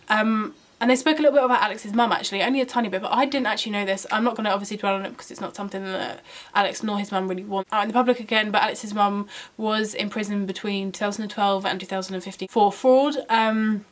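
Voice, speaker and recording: A young woman vlogging at home, giving a casual, emphatic opinion chat full of "like" and "um". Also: mid-range voice. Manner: chatty and emphatic, many "like" and "um" fillers. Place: room at home.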